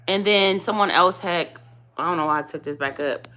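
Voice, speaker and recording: A woman with a hoarse voice, chatting casually to camera as a vlogger and mom of three, telling a story with lively emphasis. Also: lowish voice, normal speed, a little hiss or hum. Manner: chatty, animated storytelling, addresses viewers as y'all. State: hoarse, voice going out.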